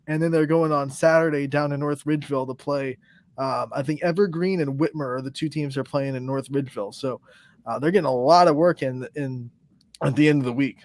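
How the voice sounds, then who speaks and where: A man's voice: a little high, darkish tone, no echo. A man co-hosting a sports show, laying out upcoming games in detail. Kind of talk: casual sports chat.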